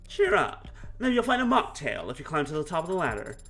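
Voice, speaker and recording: A man's voice: on the high side, huge pitch swings, fairly quick, pushed and bright, heavily acted. Man reading a sardonic, teasing woman. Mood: wry. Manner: dry and teasing.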